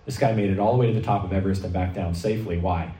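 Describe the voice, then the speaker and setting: A man preaching a sermon, telling stories in a lively way and acting out the voices he quotes. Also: sits low, very fast. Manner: animated storytelling preacher, acts out quoted voices. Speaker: pastor. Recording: echoey hall, mic at a distance.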